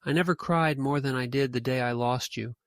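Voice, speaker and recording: A man voicing a shaken, bewildered young son, talking quietly with a shaky voice. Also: mid-range voice, fairly quick, no echo, clean studio sound, close to an everyday voice.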